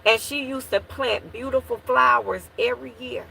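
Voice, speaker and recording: A woman's voice: fairly high pitch, moderate pace, gravelly, pushed and bright, a little hiss or hum. A woman telling an emotional personal story to her viewers. She restarts and repeats herself as she relives it, and she keeps calling out to her listeners.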